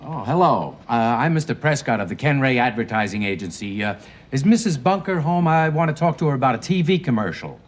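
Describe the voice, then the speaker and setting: A man's voice: medium pitch, animated, fairly quick, slight background noise, lightly acted. An actor playing a polite, businesslike advertising agency man in a sitcom. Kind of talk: sitcom acting.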